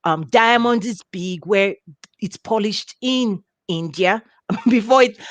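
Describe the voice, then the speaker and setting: A woman hosting a conversational interview, speaking emphatically with lively, drawn-out exclamations. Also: mid-range voice, no room sound. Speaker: interview host.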